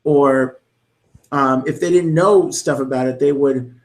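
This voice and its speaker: A man's voice: mid-range voice, a little slow. A young man co-hosting a podcast, talking in a rambling, enthusiastic way with many restarts. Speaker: podcast co-host. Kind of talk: casual chat about wrestling commentary.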